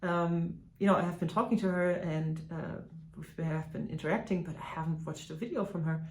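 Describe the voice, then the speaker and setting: A woman from Germany, a native German speaker, hosts a casual stitching vlog with a slightly low voice. She talks in a chatty, hesitant way, full of fillers and restarts. The room around her is echoey. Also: steady tone, fairly quick. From Germany (Hanover). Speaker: flosstube host. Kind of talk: casual chat to camera.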